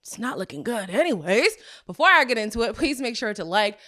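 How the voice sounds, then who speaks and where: A woman hosting a podcast gives a casual recap of a reality show, animated and sassy with exasperated asides. Her voice is fairly high and brisk.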